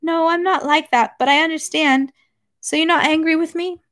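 A timid young countess with a soft, apologetic way of speaking, as a woman reads her part aloud from a novel. The voice sits a little high and keeps a gentle, anxious lilt. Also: steady tone, moderate pace. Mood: pleading.

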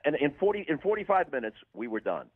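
An older broadcaster telling dry, wry anecdotes with deadpan punchlines as a radio show guest. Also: male voice, fairly high pitch, quick pace, breathy edge, dry recording, narrow, tinny audio. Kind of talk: storytelling in a radio interview.

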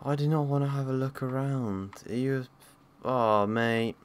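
Jumpy swearing gamer. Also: male voice, mid-range voice, normal speed. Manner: jumpy, swears and yelps at scares. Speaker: gaming YouTuber. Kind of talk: horror gameplay commentary.

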